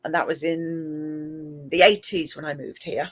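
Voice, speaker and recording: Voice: mid-range voice, fairly even intonation, unhurried, a bit bright, no room sound. A middle-aged person from England with a mixed northern and southern English accent, chatting casually to viewers on a live stream and laughing often. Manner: chatty, laughs often, talks to pet cats. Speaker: live-stream host and moderator.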